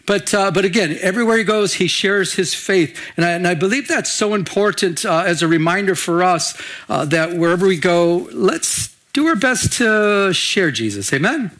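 An older man preaching as pastor has a high-pitched, bright voice with lively intonation and a normal pace. He speaks conversationally, repeats and restarts his sentences often, and asks the room for amens.

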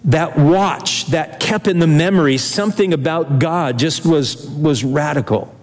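A man's voice: a little high, unhurried. Older male preacher in a reverberant hall. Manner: earnest, emphatic preaching with repetitions. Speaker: pastor. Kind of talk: sermon.

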